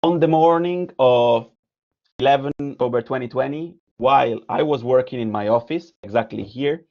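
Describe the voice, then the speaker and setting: A man's voice: mid-range voice, muffled recording. Italian-accented man giving an art lecture. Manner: hesitant, with frequent fillers and restarts. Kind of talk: lecture presenting slides, partly read aloud.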